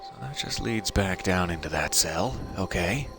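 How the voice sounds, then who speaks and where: A man's voice: low voice, expressive, unhurried, creaky, music in the background. A man streaming a video game live, commenting in a playful, mock-formal joking way.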